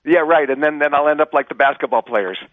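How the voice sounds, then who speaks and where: A man's voice: a little high, fast, no room sound. A man who is a musician, calling in as a guest and casually telling a story, often repeating words as he starts a sentence. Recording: tinny phone line.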